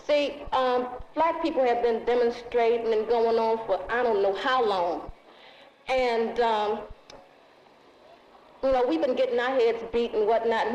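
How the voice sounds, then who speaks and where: A woman's voice: fairly high pitch, normal speed, a little mellow. Defiant woman on muffled old film. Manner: angry, defiant, blunt. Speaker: activist. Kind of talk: impassioned street interview. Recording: echoey, muffled 1960s film audio with faint hiss.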